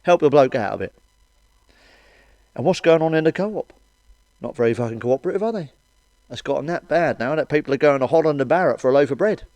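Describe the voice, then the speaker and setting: A man's voice: on the high side, fairly quick, pauses often, dry recording, dull audio. Sweary stand-up man, dry sound. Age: middle-aged. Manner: blunt, sweary, deadpan asides. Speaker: stand-up comedian. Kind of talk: crude stand-up one-liners.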